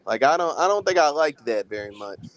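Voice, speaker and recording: A man in a casual film review chat, with a voice pitched a little higher than most men. He talks fast and loose, full of slang and cursing, and he is animated as he breaks down scenes. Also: rough recording. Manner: animated, profane, slangy storytelling. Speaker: podcast co-host reviewing films.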